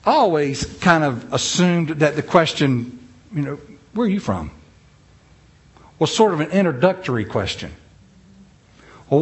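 Folksy North Carolina man, higher voice. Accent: North Carolina Southern. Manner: folksy, self-deprecating, drawn-out syllables. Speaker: speaker giving a talk. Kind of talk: humorous storytelling talk.

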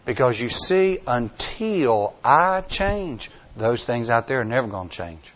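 A man preaching to his congregation at a middle pitch. His delivery swings from quiet, slow stretches to loud, raised cries, and he repeats key phrases for emphasis in a plain, folksy way. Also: sing-song. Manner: dramatic swings from hushed to near-shouting. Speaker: pastor. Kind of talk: sermon.

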